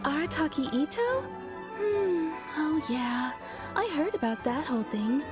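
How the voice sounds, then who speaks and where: An actress playing a chatty townswoman telling a fond story, amused and animated. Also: sits high, unhurried. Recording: game music underneath.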